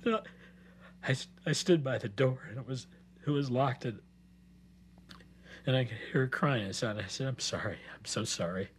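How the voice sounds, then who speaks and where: A man's voice: medium pitch, moderate pace, long pauses, slight background noise, close to an everyday voice. A man acting as a stressed father confiding in a therapist, with a mid-range voice. He halts, restarts and repeats his words as he explains his drinking. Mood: remorseful. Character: stressed middle-aged father who drinks, defensive. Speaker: therapy client. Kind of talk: simulated therapy session.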